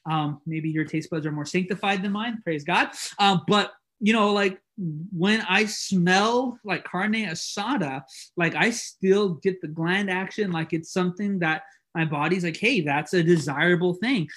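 A male preacher with a fairly high voice gives a loose, conversational sermon. He leans on fillers and acts out the bits of dialogue he quotes. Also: unhurried, fairly bright tone.

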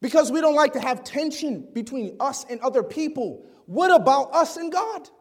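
This sermon comes from a man with a very high-pitched, animated voice speaking at a moderate pace. He reads scripture aloud, questions the congregation, and often lowers his voice to a near-whisper to stress a point.

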